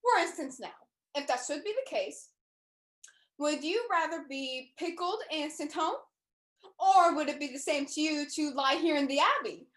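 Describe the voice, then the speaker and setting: Woman doing a breezy duel-happy gent, kinda high, echoey room on a video call. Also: expressive, moderate pace, a bit bright. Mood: cheerfully blunt. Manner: cheerfully blunt, relishing morbid talk. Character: bold Irish gentleman duelist, Sir Lucius. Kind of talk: live online stage acting.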